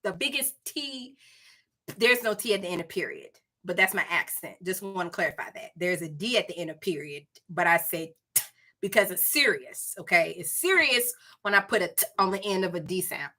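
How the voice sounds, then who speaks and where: A woman with a Southern accent reviewing books in a casual, animated chat, addressing viewers as y'all. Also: on the low side, normal speed. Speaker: book reviewer.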